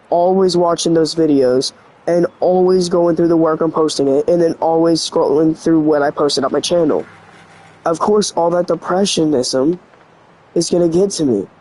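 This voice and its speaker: A man's voice: fairly high pitch, a little mellow, rough recording. A teenage boy vlogging in an earnest, rambling way, full of "like" fillers, his voice slightly sick and cracking. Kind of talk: confessional vlog talk.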